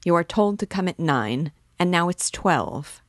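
A huffy, self-important official barks his lines, read by a woman with a low voice. He blusters and takes offense at everything. The sound is dry and close. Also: animated, a little slow, no echo. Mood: indignant. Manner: indignant, blustering. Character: irritable male police officer, pompous, easily offended.

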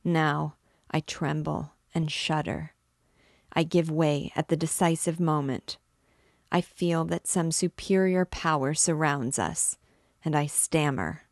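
A woman's voice: low voice, steady tone, takes it slowly, no room sound, clean studio sound. A woman reading aloud, voicing an anguished male priest who pleads with desperate passion. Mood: pleading. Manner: pleading, impassioned, breaking into whispers.

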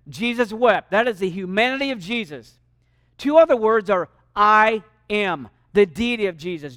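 High-voiced man preaching a sermon. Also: no room sound, clean studio sound. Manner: emphatic, swings between loud and hushed. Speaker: pastor.

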